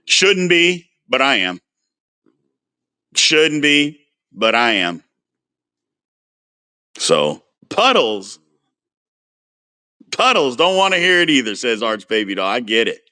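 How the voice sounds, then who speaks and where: A man hosting a casual sports livestream, animated and frustrated as he answers viewers' comments by name. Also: mid-range voice, slow, long pauses, clean tone. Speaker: sports talk host.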